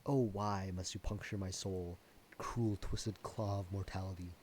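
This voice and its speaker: A man voicing a gloomy theatrical figure who laments death in hushed, overwrought old-fashioned speech. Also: low-pitched, steady tone, measured pace, a little hiss or hum. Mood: melodramatic.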